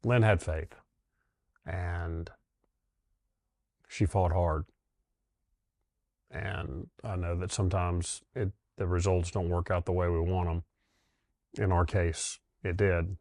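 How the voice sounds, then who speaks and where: A middle-aged man with a low, deep voice tells a personal story slowly and haltingly, pausing often with fillers. His delivery is even and flat, without big swings, and the sound is close and dry. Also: dry recording. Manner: halting and heartfelt, with many pauses and fillers. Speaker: dentist sharing his wife's cancer story.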